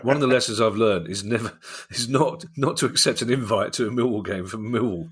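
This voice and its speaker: Man, South London accent, low voice, podcast co-host, joking anecdotal chat. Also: a little fast, hardly any pauses, breathy edge. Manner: joking, anecdotal, with many restarts. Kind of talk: casual chat.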